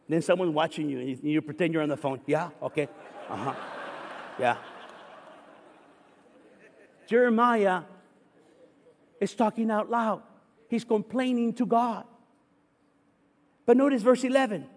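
High-voiced preacher in a reverberant hall. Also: male voice, moderate pace, pauses often. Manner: lively storytelling preacher, reads scripture aloud with rising fervor. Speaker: pastor. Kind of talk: sermon. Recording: echoey hall with long reverb.

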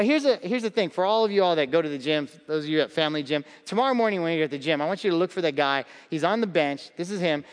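A pastor in his thirties preaches with playful energy, slipping into acted-out voices as he tells stories. His voice sits a little high for a man. The sound carries a long reverb from a large church hall. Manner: animated storytelling with acted-out voices and humor. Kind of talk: sermon.

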